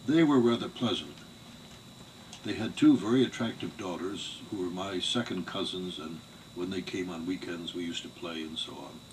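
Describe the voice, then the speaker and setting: An older man giving an oral history interview, telling family memories in a measured, digressive way. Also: sits low. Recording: distant mic with faint background noise.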